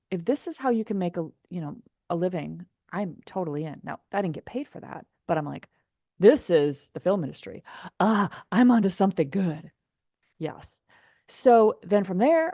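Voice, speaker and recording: A woman from Wisconsin, a podcast guest, telling a casual story with animated delivery and acted-out quotes. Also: medium pitch, no room sound, clean studio sound. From Wisconsin, United States. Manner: animated, acts out quoted voices.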